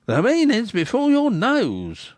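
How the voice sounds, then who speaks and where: Flattering gossipy innkeeper, voiced by a man, lively pitch, rustic teasing speech. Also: slow, dry recording, heavily acted.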